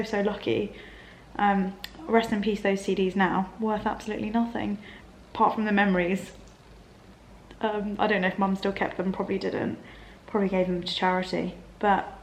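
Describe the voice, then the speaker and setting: A young woman, chatting casually to camera in her bedroom, rambling and laughing softly. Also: mid-range voice. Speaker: vlogger. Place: bedroom of a small flat.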